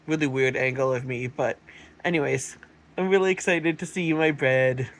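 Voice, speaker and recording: A vlogger chatting casually on camera at home in a kitchen, excitable and full of fillers, sometimes eating while talking. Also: medium pitch, moderate pace, slight background noise. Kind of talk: casual chat and on-camera food tasting.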